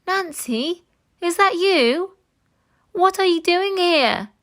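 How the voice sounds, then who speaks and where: A woman's voice: very high voice, lively intonation, slow pace, fairly bright tone, voice pushed up, full character voice. A woman voicing a frightened, eager young orphan boy in a storybook read-aloud, pleading and crying out. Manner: pleading, cries out in alarm.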